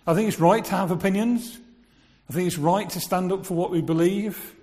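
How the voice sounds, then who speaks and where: A man's voice: high-pitched, fairly quick, darkish tone. Man preaching in a reverberant hall. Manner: conversational, asks the listeners rhetorical questions. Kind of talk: sermon. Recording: long reverb of a large hall.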